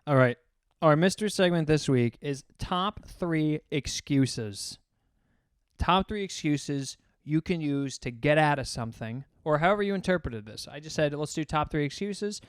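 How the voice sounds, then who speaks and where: A man's voice: on the high side, expressive, moderate pace, clear, resonant tone, dry recording, clean studio sound. A young man co-hosting a comedy podcast, rambling through crude stories in casual banter. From United States. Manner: crude, rambling storyteller with acted quotes.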